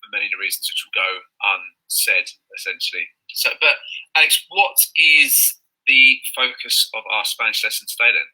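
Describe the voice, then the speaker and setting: A man's voice: on the low side, expressive, normal speed, sharp tone, rough recording. A man hosting an online lesson, upbeat and enthusiastic in a casual chat. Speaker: host.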